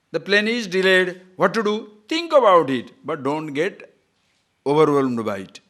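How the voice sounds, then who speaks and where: Animated man giving a spiritual talk. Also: mid-range voice. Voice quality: Sanskrit verses recited. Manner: animated storytelling, laughs at own jokes, rising emphatic questions. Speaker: spiritual teacher. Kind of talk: spiritual discourse with jokes.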